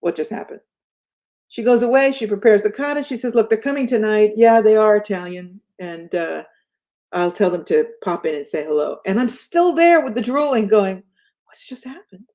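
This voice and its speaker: A woman's voice: mid-range voice, moderate pace. A woman guest telling a personal story in a conversation, acting out the voices of the people in it. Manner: animated, acts out the voices in her stories.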